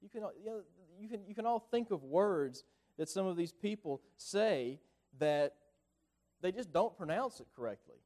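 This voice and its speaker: Southern preacher, slightly high voice. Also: male voice, expressive, darkish tone. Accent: rural Southern US. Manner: halting, repeats words often. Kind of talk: conversational sermon.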